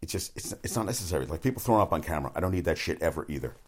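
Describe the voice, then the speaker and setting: A man's voice: low voice, animated, racing, slightly rough. A man hosting a sports talk show, rambling bluntly from one topic to the next with frequent restarts and swearing. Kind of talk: rambling casual monologue.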